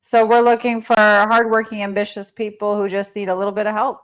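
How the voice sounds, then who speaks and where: A woman's voice: mid-range voice, flat delivery, a little fast, fairly bright tone, smooth. A woman with a New Jersey accent hosting a casual interview as a team coach, talking up her group with enthusiasm.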